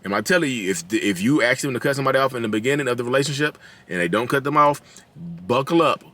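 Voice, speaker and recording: A man's voice: mid-range voice, expressive, fast, a bit bright. A man in his thirties with a Southern drawl, hosting his own channel and talking casually to viewers, acting out quotes in a raised voice and laughing at his own jokes. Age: 30s. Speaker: channel host. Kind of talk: casual talking-head commentary.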